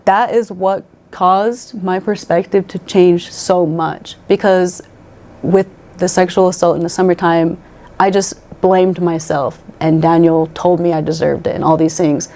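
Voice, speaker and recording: Low, mellow-voiced young woman telling her story. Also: fairly even intonation, unhurried. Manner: emotional, lots of "like" fillers and restarts. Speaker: guest sharing her life story. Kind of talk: casual conversational storytelling.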